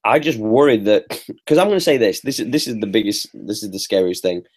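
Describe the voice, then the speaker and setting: Low-voiced, profane podcast co-host. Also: male voice, expressive, quick pace, a little mellow. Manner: profane, emphatic. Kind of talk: casual sports chat.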